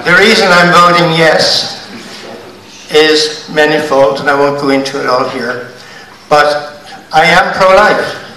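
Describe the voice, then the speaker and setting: An older man, asking an emphatic, halting question from the floor at a public debate. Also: fairly high pitch, bright, forceful tone. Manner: emphatic, halting, stresses words. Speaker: audience member asking a question. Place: large hotel function room. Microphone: handheld mic passed through audience. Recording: echoey room, voice from far off.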